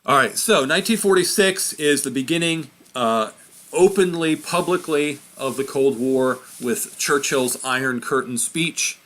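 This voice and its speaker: A man's voice: medium pitch, measured pace, fairly bright tone. A man giving an informal history lesson, chatty and self-correcting as he points at a map. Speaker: history teacher.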